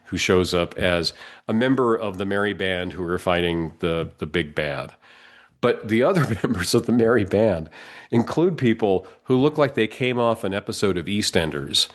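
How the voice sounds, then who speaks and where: A man with a cold, co-hosting a podcast in casual chat, rambling and restarting his sentences and laughing often. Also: low voice. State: has a cold. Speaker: podcast co-host.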